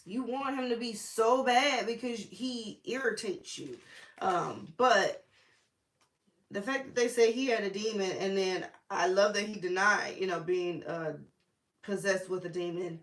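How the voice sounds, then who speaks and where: A woman's voice: medium pitch, a little slow. Chatty woman teaching Bible, echoey room. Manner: chatty and informal, with slang and asides. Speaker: Bible study host.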